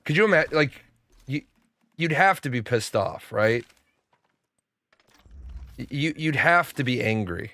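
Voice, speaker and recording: A young adult man chats casually while streaming a game, swearing freely and stumbling over his words as he tells stories. His voice sits at an ordinary middle pitch. The sound is dry and close to the mic. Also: expressive, measured pace, pauses often, a bit bright, no room sound. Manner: profane, storytelling with frequent stammers and restarts. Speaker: gaming streamer.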